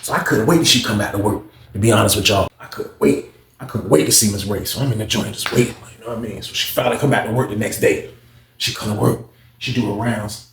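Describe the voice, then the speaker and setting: A man's voice: lowish voice, fast talker, creaky. A man rattles off a personal story at speed, swearing freely and switching between the voices of the people he quotes. The room around him rings with echo, and a faint hiss sits underneath. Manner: animated, profane, acts out both sides of conversations. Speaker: storyteller recounting his own past. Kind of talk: casual storytime monologue.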